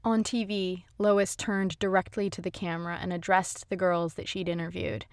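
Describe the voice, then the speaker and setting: A woman reads a scripted true-story narration at a measured pace. Her voice sits low, and the recording is dry and close to the mic with no room sound. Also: level tone, clean tone, no echo.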